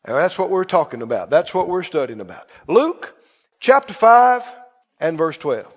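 A man preaching a sermon in an animated, emphatic way, repeating his key lines for stress. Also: a little high, normal speed, husky. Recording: long church reverb, dull lo-fi sound.

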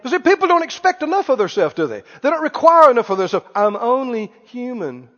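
A man's voice: very high voice, very animated, fast, fairly bright tone, in a large hall, muffled recording. A man preaching a sermon in a church, emphatic and calling out questions for the congregation to answer.

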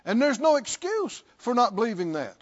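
A man's voice: very high voice, very animated, moderate pace, muffled recording. A man preaching a sermon, reading scripture and repeating questions to his listeners with rising fervor.

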